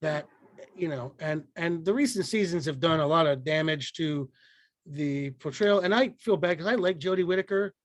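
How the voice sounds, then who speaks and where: A man co-hosting a casual podcast, with a fairly high voice and a dry, close sound. He rambles and swears, restarting his sentences and filling pauses with ums and uhs. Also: no echo. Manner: rambling, profane, frequent restarts and fillers. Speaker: podcast co-host.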